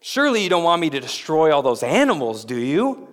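A man's voice: a little high, sing-song, fairly quick, big-room sound. A man voicing God as a patient figure who reasons with a sulking prophet in a coaxing tone.

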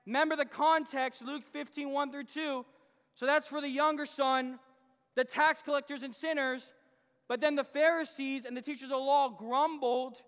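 A man with a very high voice preaches a guest sermon in a church sanctuary. He delivers it with animation, voicing the father's lines as he tells the story. The sound carries the long reverb of the hall. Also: fairly even intonation, normal speed, a bit bright.

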